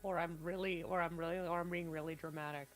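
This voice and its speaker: The speaker is a woman game-mastering a tabletop session over a voice call, chatting in a rambling way with many restarts and sudden loud laughter. Her voice is fairly low, with flat delivery and a quick pace. Soft music plays in the background.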